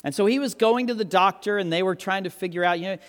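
Animated pastor preaching in a reverberant hall. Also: male voice, fast talker. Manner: animated, joking, acts out quotes with big pitch jumps. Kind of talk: sermon. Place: church hall with long reverb. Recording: reverberant hall, live sermon.

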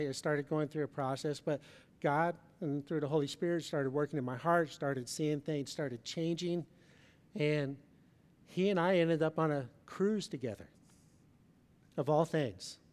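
A middle-aged man preaching a sermon, telling a personal story with swings between loud emphasis and soft, hushed moments. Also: fairly high pitch, clear, resonant tone, big-room sound. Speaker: pastor. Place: large church hall.

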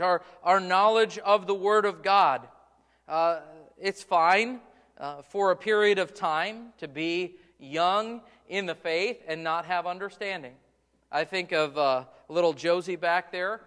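Male pastor, preaching a sermon, higher pitch, repeats words for emphasis; church hall reverb. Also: fairly bright tone, clear, resonant tone. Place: church sanctuary.

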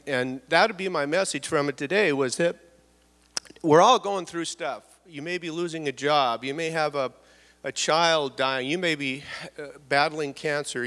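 A middle-aged man giving a personal testimony in church, earnest and halting, often repeating words and dropping his voice. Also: fairly high pitch, fairly bright tone. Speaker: church speaker sharing testimony. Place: church hall. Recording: long hall reverb.

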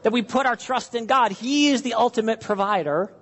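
A man's voice: very high-pitched, a little fast, a bit bright, big-room sound. A man preaching an earnest sermon, acting out worried questions and prayers to his listeners. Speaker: pastor.

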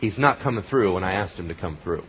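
A man pastor preaching a sermon in a conversational way, swinging from loud bursts to hushed asides, on a dull lo-fi recording. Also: low voice, animated, quick pace, a little hiss or hum.

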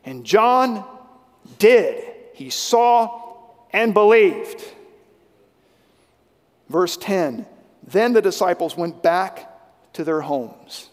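A man with a high voice preaches a sermon, rising to loud emphasis and then dropping to a hushed, intense delivery. His voice rings through a large hall with a long reverb tail. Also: lively intonation, extremely slow, pauses often. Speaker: pastor.

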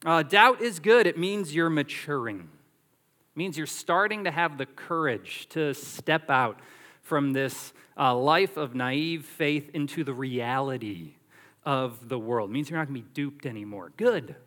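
Pastor guy giving a sermon, kinda high voice, punchy and animated. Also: unhurried, long reverb tail. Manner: animated, emphatic preaching with everyday illustrations.

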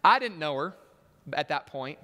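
Man, preacher, sermon, fairly high voice, storytelling, punchy emphasis, long church reverb. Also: lively intonation, normal speed, pushed and bright.

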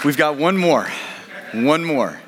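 Guy running the church service, talks real slow and jokey, crowd noise around. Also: on the high side, big pitch swings, in a large hall. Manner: slow, joking, invites people to the mic. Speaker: pastor leading the service.

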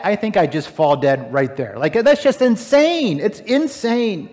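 A man preaching a sermon, retelling a parable with animated, emphatic, incredulous asides. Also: high voice, measured pace, few pauses. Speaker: pastor. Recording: long hall reverb.

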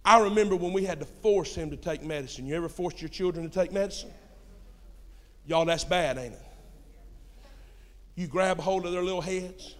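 In a church sanctuary, a young, high-voiced pastor with a drawl delivers a sermon at a moderate pace with long pauses. His folksy stories swing from hushed asides to shouted points, and a long hall reverb trails each phrase.

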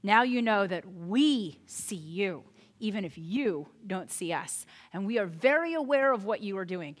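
A woman voicing a stern angel who speaks in a firm, measured way. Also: mid-range voice, lively intonation, in a large hall.

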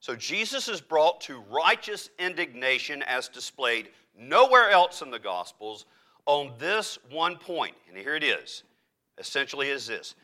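A man preaching a sermon as pastor, emphatic with dramatic pauses and occasional restarts. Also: a little high, sing-song, sharp tone. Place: church.

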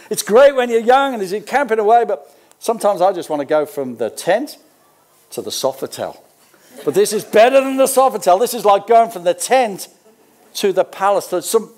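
High-voiced older Australian pastor preaching. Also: male voice, a little mellow. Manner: conversational, with folksy asides between scripture readings. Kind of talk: sermon.

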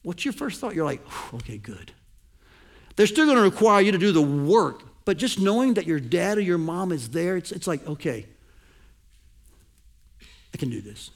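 A man preaching a sermon to his congregation as pastor, swinging between loud emphasis and hushed, intimate asides. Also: high voice, expressive, fairly quick, few pauses.

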